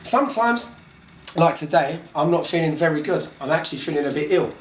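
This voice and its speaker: A man's voice: a little high, animated, echoey room, a little hiss or hum. A man with a Cockney London accent teaching slang in a casual lesson, chatty and often checking in with "okay". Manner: chatty, repeats "okay" often, slow deliberate words. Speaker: English teacher.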